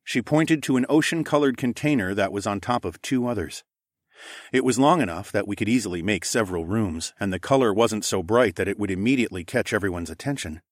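A man narrating a first-person story in a steady, even way. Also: lowish voice, dry recording, clean studio sound. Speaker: audiobook narrator.

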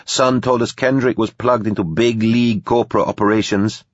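Audiobook: a male narrator raising his pitch for a blunt, streetwise young woman with husky, slangy delivery. Dull, dry sound. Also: fairly even intonation, normal speed, no echo, lightly acted.

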